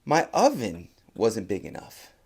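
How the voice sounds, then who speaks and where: A man voicing a sweet, doting great-grandmother in her old age, in a high fluttering voice. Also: wildly swooping pitch, measured pace, breathy edge, exaggerated voice.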